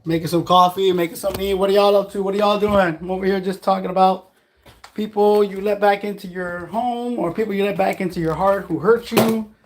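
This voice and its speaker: A man's voice: high voice, steady tone, fairly quick, slight background noise. A man on a casual vlog who gives blunt, profane, preachy life advice while making food in his kitchen at home. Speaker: vlogger. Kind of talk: casual livestream pep talk.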